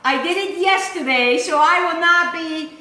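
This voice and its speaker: A woman's voice: very high-pitched, unhurried, pushed and bright, echoey room, rough recording. A woman hosting a casual cooking demonstration in her kitchen, chatty and rambling, often repeating words as she goes. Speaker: cooking show host.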